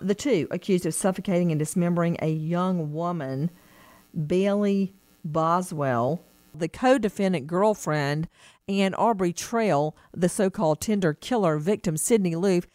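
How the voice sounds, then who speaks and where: A woman hosts a true-crime TV show in a punchy, incredulous tone. Her voice sits a little low and sounds dry and close, with no room around it. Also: measured pace, a little mellow, no echo. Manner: emphatic and incredulous. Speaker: host. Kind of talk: true-crime TV talk commentary.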